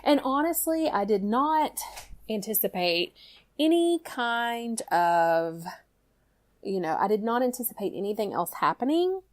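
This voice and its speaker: A woman's voice: fairly high pitch, a little slow. Chatty woman telling a story. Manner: chatty, many "you know" fillers, animated retelling. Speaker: guest storyteller, mother. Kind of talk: casual personal story.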